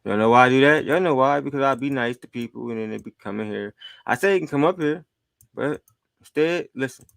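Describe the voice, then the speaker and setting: A man's voice: mid-range voice, fairly quick, gravelly, a bit bright, no room sound. Taunting male podcast host, dry sound. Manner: taunting, scolding listeners. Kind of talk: heated commentary on played clips.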